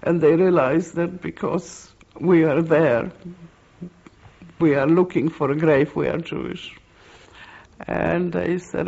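An older woman speaks in a gravelly, creaky voice, taking her time over every phrase as she gives testimony. Her delivery is slow and halting, with pauses and restarts. The recording sounds dull and lo-fi. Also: deep voice, steady tone, warm tone. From Poland. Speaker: interviewee. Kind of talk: oral history testimony.

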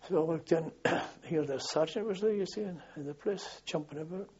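An older man spins a rambling army yarn, doubling back on his words and chuckling. His voice is husky and dark-toned, sitting a little high. The tape sounds muffled and lo-fi. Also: fairly quick. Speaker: interviewee recalling army service. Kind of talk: oral history reminiscence. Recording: dull lo-fi archive tape.

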